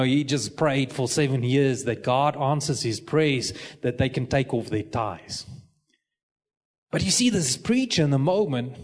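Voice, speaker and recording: South African pastor preaching with energy. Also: male voice, a little high. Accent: South African English. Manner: lively storytelling mixing English and Afrikaans. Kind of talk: sermon.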